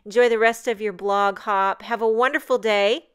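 A woman's voice: mid-range voice, fairly even intonation, moderate pace, clean tone. A woman, hosting a card-making tutorial in a bubbly, chatty, self-deprecating voice-over.

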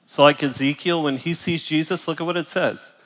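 A middle-aged male pastor preaches to a large room, his voice strained from pain and broken by coughs and throat-clearing. He sits a little high for a man and swings from soft, close phrases to loud emphatic bursts. Long reverb from the hall trails behind each line. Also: steady tone, a little fast. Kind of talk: sermon. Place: large church auditorium.

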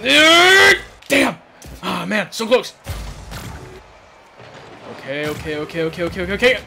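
A young man giving live commentary over his own gameplay, excitable, repeating words in rapid bursts and yelling at tense moments. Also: sits high, creaky, soft background music. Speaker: gaming YouTuber.

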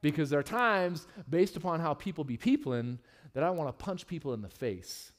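Male pastor, sermon, fairly high voice, candid, humorous, church sanctuary. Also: normal speed. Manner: candid and humorous, with lively swings in pitch and loudness.

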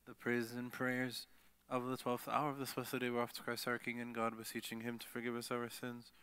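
Male liturgy leader, bright clear tone, steady recited cadence. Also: mid-range voice, a little fast. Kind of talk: liturgical prayer reading.

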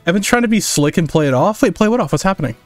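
A man's voice: high voice, animated, very fast, soft background music. A young man streaming as a digital artist, chatting casually and profanely, reading his chat aloud and firing jokes back.

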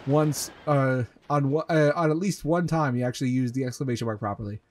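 A man's voice: mid-range voice, a little fast, darkish tone, slight background noise. A man reading a fanfiction aloud as a comedic dramatic reading over gameplay, mocking it and deadpanning the punctuation marks. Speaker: let's play host reading a fanfic.

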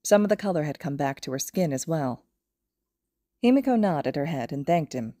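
A woman narrating a fan fiction audiobook in a steady, even storytelling manner. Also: deep voice, moderate pace, dry recording, clean studio sound. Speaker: podfic reader.

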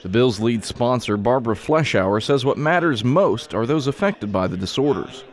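A man's voice: medium pitch, animated, normal speed. A man reporter filing a scripted news package from the capitol.

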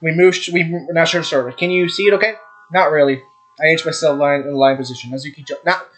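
A man's voice: fairly high pitch, steady tone, fairly bright tone. A young man reading a visual novel aloud, stumbling over names and swearing at his own slips. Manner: reads fast, stumbles on names, swears and laughs at himself. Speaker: gaming YouTuber. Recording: game music behind the voice. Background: background music.

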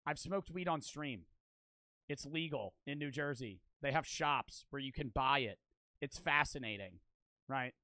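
A man's voice: mid-range voice, a little slow, sharp tone, no room sound. A man in his twenties streaming and reacting to videos, rambling and joking with a lot of profanity. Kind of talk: casual stream chat.

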